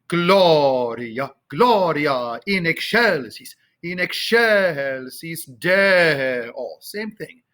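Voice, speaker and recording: A man teaching a choir, talking casually and singing out phrases slowly to show how they go. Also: fairly high pitch, sharp tone. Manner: sings and chants phrases slowly to demonstrate; conversational with fillers. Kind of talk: choral rehearsal instruction. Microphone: camera, sometimes moving off it.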